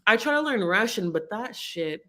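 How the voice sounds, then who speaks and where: A woman's voice: mid-range voice, expressive, moderate pace, fairly bright tone. A woman hosting a casual livestream chat, giggly and scattered, rambling from thought to thought. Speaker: livestream host.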